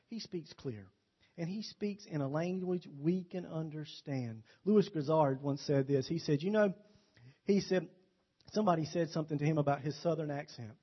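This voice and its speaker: A man's voice: a little high, husky. A man preaching a sermon in a folksy, joking, storytelling way. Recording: dull lo-fi recording.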